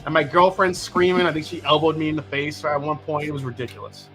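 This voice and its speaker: A middle-aged man hosts a relaxed live stream, his voice bright and forceful and pitched a little high. He jokes and swears freely as he chats. Faint music plays under the talk. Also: fast. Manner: animated, joking, swears casually. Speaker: livestream host. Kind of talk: casual live-stream chat.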